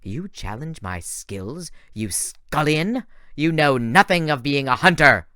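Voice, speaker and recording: A man voicing a proud, stern young huntress who speaks formally and slowly. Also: medium pitch, sing-song, pushed and bright, no echo, clean studio sound, pitched above the performer's own voice. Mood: haughty. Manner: formal, haughty, slow. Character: proud, stern huntress girl, old-fashioned speech.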